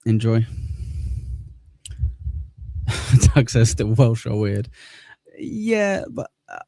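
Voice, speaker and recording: A man from southern England, his accent close to Cockney, hosting a livestream and rambling through viewer comments. His voice sits low and dark, with a gravelly edge. The sound is close and dry. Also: steady tone, slow pace, no room sound. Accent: southern English, near Cockney. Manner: rambling, laid-back, swears casually. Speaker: livestream host. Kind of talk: casual chat reading viewer comments.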